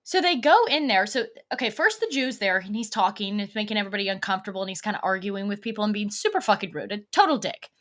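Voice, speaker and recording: A woman's voice: mid-range voice, expressive, fast talker, hardly any pauses, a bit bright. A woman hosting a livestream, talking in a blunt, profane, rambling way as she tells stories casually to her viewers. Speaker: livestream host.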